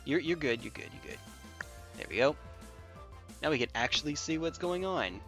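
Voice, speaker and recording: A man's voice: a little high, animated, moderate pace, a bit bright, soft background music. A man streaming online battles, joking and thinking aloud in casual commentary with lots of repeats.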